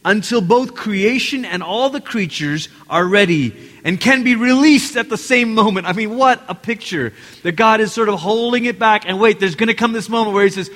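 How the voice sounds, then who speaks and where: Male pastor, high voice, lively preaching style, big reverberant church hall. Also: normal speed, hardly any pauses. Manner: animated, acts out quotes, addresses congregation directly. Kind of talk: sermon.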